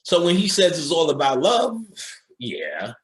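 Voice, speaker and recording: A man's voice: on the high side, wildly swooping pitch, a little slow. A male occult lecturer talking in a casual, streetwise and profane way, telling stories and mimicking other people's voices.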